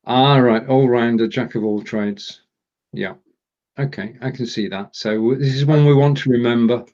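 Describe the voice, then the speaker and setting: A man co-hosts a relaxed online language lesson, trying German phrases and joking at his own slips. His voice sits at a middle pitch. The sound is dull and lo-fi. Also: moderate pace. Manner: jokey, stumbling through German phrases. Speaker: co-host and learner. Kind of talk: casual live language lesson.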